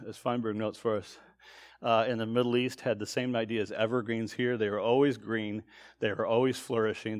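Man teaching verse by verse. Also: mid-range voice. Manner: explanatory, reads verses aloud with lifted emphasis. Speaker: preacher.

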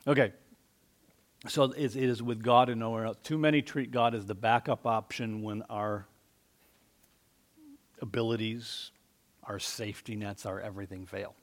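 A man preaching a conversational sermon, rising for emphasis and dropping soft. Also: on the low side, fairly even intonation, moderate pace, pauses often. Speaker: pastor.

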